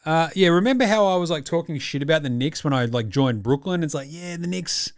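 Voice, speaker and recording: A man's voice: a little high, fast talker, no room sound, clean studio sound. An Australian man hosting a casual sports reaction podcast, talking in a blunt, jokey, profane way. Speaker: podcast host.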